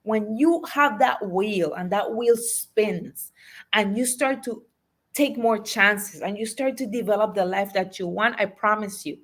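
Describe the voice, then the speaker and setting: A woman's voice: mid-range voice, unhurried, fairly bright tone. Woman coach, motivational delivery, leans on repetition and direct questions to listeners. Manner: emphatic, repeats key phrases, asks the audience questions. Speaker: life and business coach.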